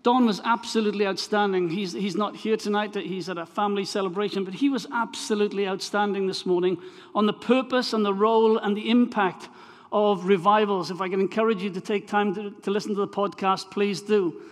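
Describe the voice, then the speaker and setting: A Welsh man with a high voice and fairly even intonation preaches briskly to a congregation. Chatty and prone to restarting phrases, he introduces his sermon and then reads scripture aloud, with long hall reverb on the recording.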